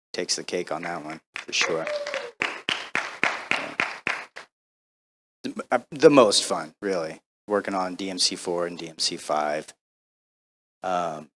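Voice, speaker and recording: A man answering audience questions on a convention panel, chatty and animated, acting out the voices in his stories. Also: low voice. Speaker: voice actor guest on a convention panel.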